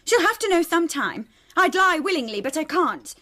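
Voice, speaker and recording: Brief: rebellious young daughter, very high, lively voice, sarcastic and defiant. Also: female voice, normal speed, full character voice. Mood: bitter. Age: young adult. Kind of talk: radio drama acting.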